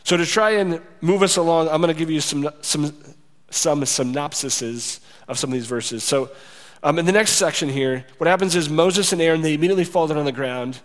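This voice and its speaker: A pastor preaches a sermon in a large hall whose long reverb trails after every line. His voice is fairly high and a little fast. He keeps the preaching conversational and acts out the voices of people he quotes.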